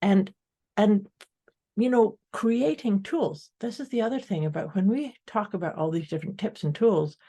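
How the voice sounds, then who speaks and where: A woman's voice: medium pitch, normal speed, dark tone. A woman co-hosting a podcast in an upbeat, casual way, speaking directly to her listeners. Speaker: podcast co-host. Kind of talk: casual motivational chat.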